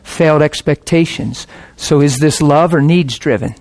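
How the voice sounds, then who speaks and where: A man's voice: fairly high pitch, moderate pace, darkish tone. A middle-aged man, a pastor, preaching a sermon in a passionate, conversational way.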